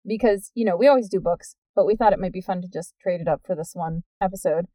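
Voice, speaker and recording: A woman's voice: on the low side, fast talker, dark tone, dry recording. A woman co-hosting a podcast in casual chat, bubbly and laughing often. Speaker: podcast co-host.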